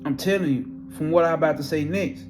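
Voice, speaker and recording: Guy swearing his way through a wild spiritual story, bit high voice, quiet music behind. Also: a little fast. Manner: profane, animated storytelling. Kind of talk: casual storytelling vlog.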